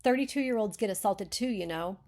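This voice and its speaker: A woman's voice: mid-range voice, fairly quick, darkish tone, lightly acted. Tony, a sarcastic suave man, read by a woman. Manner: dry, disapproving.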